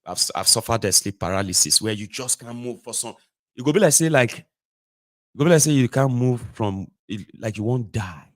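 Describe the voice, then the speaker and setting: A Nigerian man hosting a casual livestream monologue from a home studio, animated, slipping into pidgin and acting out little scenes. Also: medium pitch, normal speed, no echo. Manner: animated, mixes pidgin and Yoruba, acts out voices. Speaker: host.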